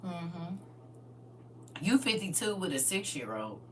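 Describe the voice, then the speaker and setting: A middle-aged woman hosts a casual livestream chat, playful and boisterous and laughing often. Her voice is lowish, very animated, and slow, picked up from far from the mic with slight background noise.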